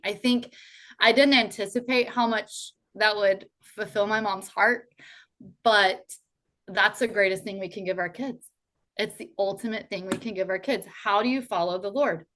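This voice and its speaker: A woman's voice: mid-range voice, a little slow, fairly bright tone. A woman in her thirties, a podcast guest talking in an earnest, heartfelt way, full of casual fillers. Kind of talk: faith podcast conversation.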